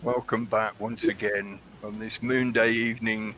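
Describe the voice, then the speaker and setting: A man's voice: lowish voice, flat delivery, a little slow, a bit bright, a little hiss or hum. A man hosting a casual livestream, chatting in a rambling way and greeting viewers in the chat by name. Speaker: livestream host. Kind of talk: casual live-stream chat.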